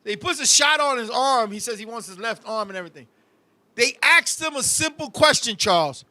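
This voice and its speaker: A man hosting a talk show, telling profane, animated comic stories in casual chat and constantly addressing his co-host. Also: extremely high pitch, brisk, no room sound.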